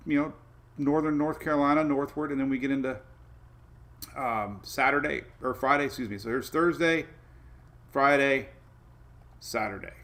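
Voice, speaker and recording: A man talks through weather maps on a casual livestream. His voice sits at a middle pitch. He rambles in an easygoing way, stopping for fillers and restarts and breaking off to greet viewers by name. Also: normal speed, pauses often, fairly bright tone. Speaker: weather show host.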